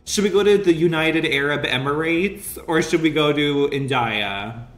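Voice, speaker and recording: A man's voice: fairly high pitch, moderate pace, a bit bright. A man streaming a game, chattering to his viewers in a giggly, profane, campy way. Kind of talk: casual gaming stream chat. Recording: roomy sound with faint music.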